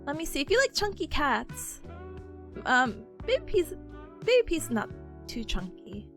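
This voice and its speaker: A woman's voice: sits high, huge pitch swings, normal speed, a bit bright, faint music behind. A young woman, chatting casually on a study stream, bubbly and gushing, laughing often.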